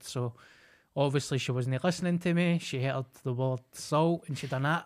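A man's voice: fairly high pitch, moderate pace. A Scottish man co-hosting a podcast, telling stories in casual chat and acting out what people said. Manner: animated, acts out quotes. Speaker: podcast co-host.

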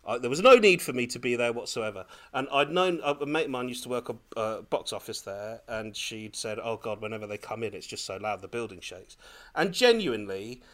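A man on a podcast telling a lively personal story in casual chat, laughing often as he goes. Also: mid-range voice, a little fast. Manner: animated, laughing, breathless when excited. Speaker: podcast co-host.

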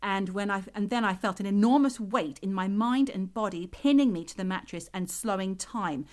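Brief: woman podcast host, spooky true-story teller, lively acted-out quotes, mid-range voice. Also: medium pitch, moderate pace. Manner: vivid storyteller who acts out voices. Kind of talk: telling a true ghost story.

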